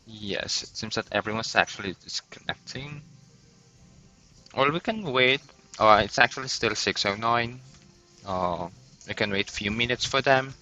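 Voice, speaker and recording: A man's voice: on the low side, normal speed, sharp tone, faint music behind. A man co-commentating a live game tournament stream, agreeable and giggly, reading chat comments aloud. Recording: dull lo-fi mic sound.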